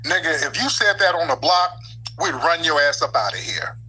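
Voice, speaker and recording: A man's voice: on the high side, animated, normal speed, sharp tone, husky, poor audio. A man hosting a call-in show, mocking and confronting a caller. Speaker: talk show host.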